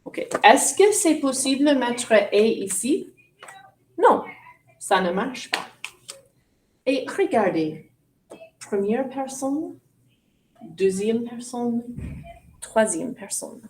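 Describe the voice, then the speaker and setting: Woman, French teacher; slow, patient classroom delivery with playful mock surprise. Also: a little high, lively intonation, noisy background.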